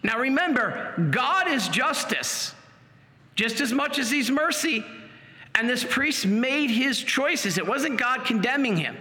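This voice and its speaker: A man telling a personal testimony in an animated, dramatic storytelling manner. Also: very high voice, slow. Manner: animated, dramatic storytelling with sudden pace shifts. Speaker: speaker giving a testimony. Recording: long hall reverb.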